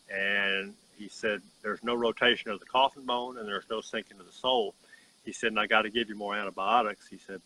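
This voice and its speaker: A man who owns a horse farm tells his story in an earnest, folksy way, stopping to restart now and then. His voice sits a little low but sounds bright and forward. Faint outdoor noise and insects hum behind him. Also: poor audio. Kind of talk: casual storytelling testimonial.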